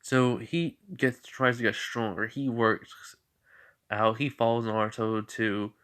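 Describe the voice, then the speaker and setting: A man's voice: mid-range voice, flat delivery, slow, fairly bright tone, clean tone. A tired man casually telling an unscripted fan story, rambling and correcting himself with many fillers. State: tired, yawning.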